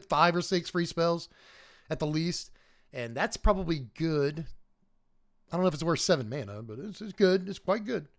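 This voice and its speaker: Lively man hosting a casual stream. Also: fairly high pitch. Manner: animated, chuckling, chatting with viewers. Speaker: host. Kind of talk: casual livestream card review.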